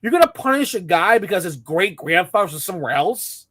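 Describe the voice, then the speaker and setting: A man's voice: sits high, sing-song, a little fast, bright, forceful tone, husky, no echo. A man giving a profane, scornful rant as a commentator reacting to a clip.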